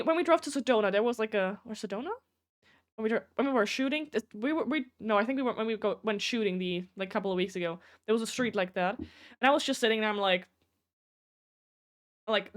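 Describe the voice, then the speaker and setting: A young woman streaming live, chatting casually with viewers, rambling, swearing freely and greeting people in chat by name. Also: on the high side.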